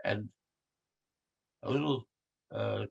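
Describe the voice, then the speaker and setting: A war veteran in his nineties, interviewed conversationally, speaks slowly in a fairly low, creaky voice that is a little mellow and slightly rough. He rambles emphatically, restarting often, and becomes emotional about his subject, all on lo-fi audio.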